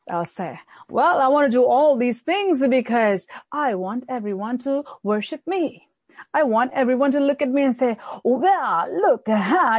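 A woman pastor preaching a sermon in an animated way, often acting out the voices of people she quotes. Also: mid-range voice, dry recording.

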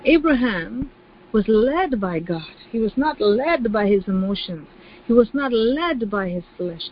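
A woman's voice: a little high, lively intonation, unhurried, highs cut off. A woman preaching a sermon with emphasis, repeating key phrases and acting out the voices of the people she quotes.

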